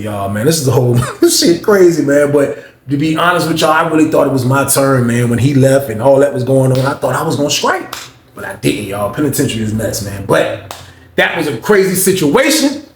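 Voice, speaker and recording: A young man telling a story in casual street slang, animated, acting out the other people's voices. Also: mid-range voice, slight background noise. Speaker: storyteller vlogger. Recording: echoey room.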